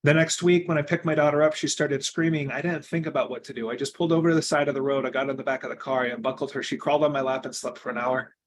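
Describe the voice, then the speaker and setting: A young adult man races through a coaching talk with few pauses, his mid-range voice keeping a steady tone. He earnestly recounts his own story, alternating loud emphasis with quiet asides, over a little hiss or hum.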